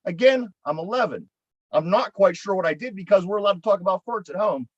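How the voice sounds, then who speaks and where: A man's voice: sits high, expressive, fairly quick, dry recording, dull audio. A man with a Pittsburgh accent, co-hosting a podcast and telling a long story in a rambling, profane way, often repeating his words. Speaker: podcast co-host. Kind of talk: casual storytelling chat.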